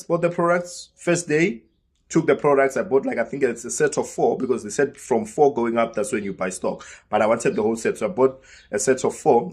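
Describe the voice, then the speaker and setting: A man's voice: medium pitch, breathy edge. A South African man casually telling a personal story, acting out the dialogue as he goes. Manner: lively storyteller who acts out quoted dialogue. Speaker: vlogger.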